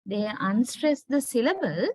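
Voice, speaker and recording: Sri Lankan woman lecturing, higher voice. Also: sing-song, a little slow, a little mellow, slightly rough, no echo, poor audio. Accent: Sri Lankan English. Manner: explanatory, keeps checking understanding with "right?". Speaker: university lecturer. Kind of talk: classroom lecture.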